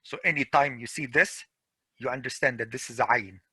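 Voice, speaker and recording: A man's voice: medium pitch, bright, forceful tone, husky, no echo. Middle-aged male grammar teacher, online class, dry and close mic. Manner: slow, patient, repeats examples. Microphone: video call.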